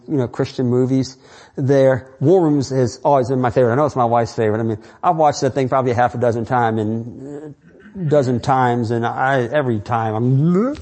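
A man preaches to his congregation in a mellow, warm voice. His delivery is earnest and meandering, full of restarts and asides. He speaks at a middle pitch. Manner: earnest, rambling, with frequent restarts and fillers. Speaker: pastor. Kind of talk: sermon.

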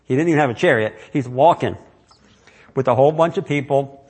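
A man's voice: mid-range voice, fairly quick, a little mellow, slightly rough. A man preaching a sermon in a conversational way, asking his listeners question after question. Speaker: pastor.

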